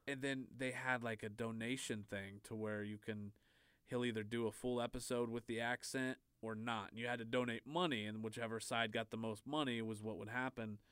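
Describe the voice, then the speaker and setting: Casual male podcast co-host, smooth clear voice, dry close sound, rambling delivery. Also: medium pitch, steady tone, brisk, a bit bright, no echo. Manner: loose and rambling, heavy on fillers.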